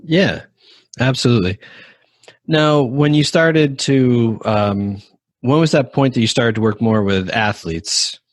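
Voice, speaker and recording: A man's voice: medium pitch, slow, dry recording. A man hosting a podcast interview, speaking in brief affirmations and short questions. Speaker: podcast host. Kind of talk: conversational interview.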